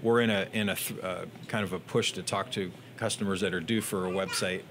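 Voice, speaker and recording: A male guest with a fairly low voice talks easily with the host about his small web firm. He is affable and laughs often. He stumbles and restarts his sentences in a relaxed, chatty way. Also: a little fast, noisy background. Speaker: guest, web design business owner. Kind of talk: casual interview chat.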